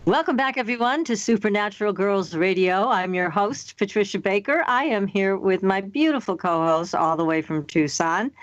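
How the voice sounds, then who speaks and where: A woman's voice: mid-range voice, expressive, normal speed, few pauses. A woman hosting a radio talk show, reading promos and leading into the guest in an upbeat way. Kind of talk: radio host links and announcements. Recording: dull, dry lo-fi radio line.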